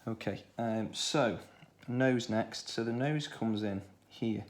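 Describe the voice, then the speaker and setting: A man with a Stoke-on-Trent accent, talking through a children's drawing tutorial in a relaxed way, thinking aloud as he draws. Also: fairly low pitch, slow. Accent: Stoke-on-Trent English. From England. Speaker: art tutor.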